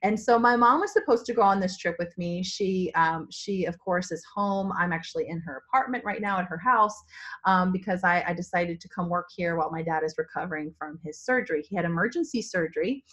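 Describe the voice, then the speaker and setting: A woman from Virginia with a hoarse, partly lost voice, giving a spontaneous, rambling pep talk to her sales team from a family home. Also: lowish voice, a little fast, a bit bright. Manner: enthusiastic, rambling, full of restarts. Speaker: direct-sales team leader. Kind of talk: spontaneous motivational vlog.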